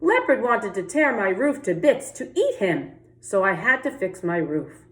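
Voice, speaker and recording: A woman voicing a fussy, indignant little male rabbit in a children's storybook, squealing high when upset. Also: sing-song, measured pace. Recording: echoey room.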